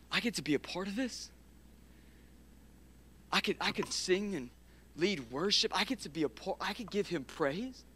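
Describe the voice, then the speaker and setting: A man in his thirties preaching an impassioned sermon, swinging from loud urgency to hushed, near-whispered passages. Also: high-pitched. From Michigan. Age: 30s. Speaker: pastor.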